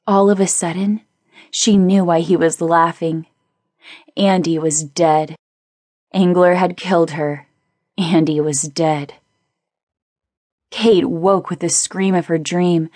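A woman reading a novel aloud as an audiobook narrator, in a measured, steady way. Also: no room sound, clean studio sound. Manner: measured, voices characters with small pitch shifts. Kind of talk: scripted narration.

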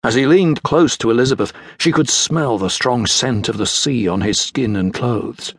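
A man narrating a children's adventure audiobook in a measured storytelling delivery. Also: medium pitch, husky, no echo, studio quality. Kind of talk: scripted narration.

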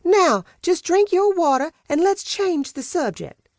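Storybook figure: woman narrator putting on a high, shrill, bossy old housekeeper, lively lilt, dry read. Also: measured pace, no echo, heavily acted. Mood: scolding. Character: fussy older woman housekeeper, sharp-tongued.

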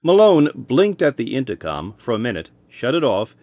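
A man narrating an audiobook in a wry, expressive storytelling manner. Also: mid-range voice, normal speed, no echo, lo-fi sound.

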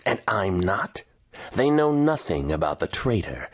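A man's voice: on the low side, sing-song, unhurried. A man voicing a brutal, scornful army general who plans a slaughter in an audiobook. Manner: scoffing, menacing.

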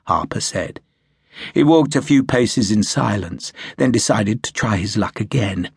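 A man narrating an audiobook in a measured, storytelling manner. His voice is low and husky. The recording is close and dry, with no room sound. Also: lively intonation, dry recording. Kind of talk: scripted narration.

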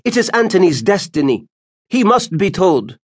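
A man voicing an old woman seer in an audiobook, with a high, strained delivery. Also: big pitch swings, normal speed, slightly rough, heavily acted. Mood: ominous.

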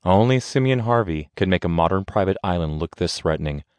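A man putting on a resentful young wife whose voice sits well above a man's usual register and swings widely in pitch. She talks in a clipped way, as if through gritted teeth. The read is dry and close, like a studio audiobook. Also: lively intonation, brisk, darkish tone, smooth, no room sound. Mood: wry.

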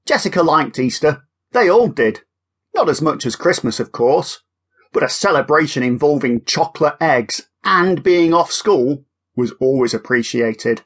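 A man narrating a children's audiobook in a lively, expressive way. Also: on the high side, a little slow, breathy edge.

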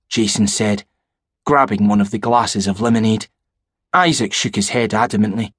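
Male narrator, husky, measured horror storytelling, dry booth. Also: on the low side, steady tone, dry recording. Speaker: audiobook narrator.

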